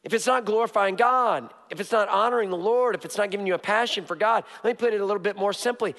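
High-voiced emphatic male preacher. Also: fast talker, few pauses, fairly bright tone. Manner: emphatic, hammering repetition with joking asides. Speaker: pastor. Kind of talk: sermon. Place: church sanctuary. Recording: long hall reverb.

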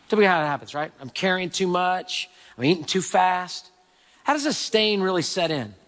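A man preaching a sermon, telling a story with sudden loud and soft swings. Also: on the high side. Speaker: pastor. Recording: hall reverb.

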